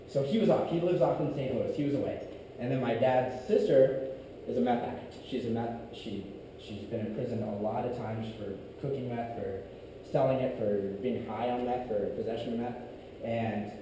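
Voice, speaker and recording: A man's voice: mid-range voice, background noise. A young man giving a youth talk, telling a personal story in a casual, rambling way full of "like". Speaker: youth ministry speaker. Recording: echoey distant room audio. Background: room ambience.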